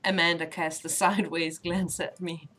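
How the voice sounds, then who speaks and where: A woman's voice: fairly low pitch, level tone, normal speed, fairly bright tone. A woman, not a native English speaker, streaming and reading a dating game aloud with playful, laughing narration. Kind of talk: reading game text aloud, casual chat. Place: home streaming setup.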